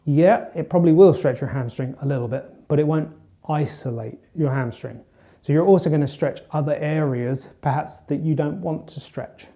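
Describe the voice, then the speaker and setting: A man's voice: on the high side, normal speed, lo-fi sound. A man working as a fitness coach, talking casually while he demonstrates stretches. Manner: relaxed, chatty, talks while demonstrating stretches. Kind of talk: instructional demonstration.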